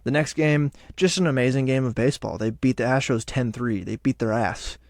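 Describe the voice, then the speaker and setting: A man hosting a podcast, recapping baseball games in an animated, profane, excitable way. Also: medium pitch, a little fast, no echo, studio quality. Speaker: podcast host. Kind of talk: casual sports recap.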